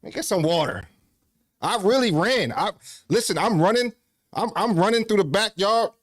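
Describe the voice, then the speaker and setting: A man catches his breath as he chats loosely to his livestream audience. His voice sits a little high and the sound is dry and close. He curses casually and keeps restarting his sentences. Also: lively intonation, normal speed, no room sound. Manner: loose, profane, rambling with frequent restarts. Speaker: livestream host.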